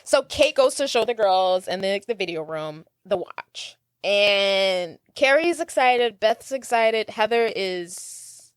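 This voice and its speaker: A woman's voice: medium pitch, lively intonation, slow, few pauses, clean tone, no echo. Chatty woman, dry close sound. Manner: chatty, quotes characters while summarizing. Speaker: podcast co-host. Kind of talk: casual movie recap chat.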